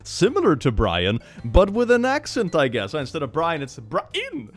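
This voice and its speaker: A man hosting a comedic reaction commentary, reading posts aloud and reacting in an animated, profane way with laughter and shrill outbursts. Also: measured pace, faint music behind. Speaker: host.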